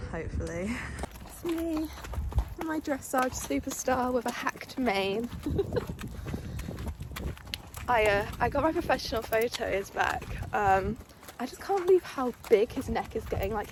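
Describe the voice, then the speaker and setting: A woman's voice: medium pitch, background noise. A young woman, chatting casually in a vlog about her horse and talking fondly to him. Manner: chatty, fond baby-talk to her horse. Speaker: equestrian vlogger.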